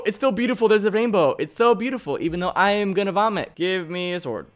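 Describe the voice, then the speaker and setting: A young man hosting a modded game let's-play, excitable, yelping and laughing when startled. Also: high-pitched, fast talker. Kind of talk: excitable gameplay commentary.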